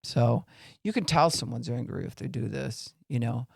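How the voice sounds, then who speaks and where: A man's voice: mid-range voice, normal speed, gravelly, husky, no echo, studio quality. A man giving an earnest faith-based teaching talk on a podcast, acting out voices to make his points. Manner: earnest, acts out angry and weary voices to illustrate. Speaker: Christian podcast speaker.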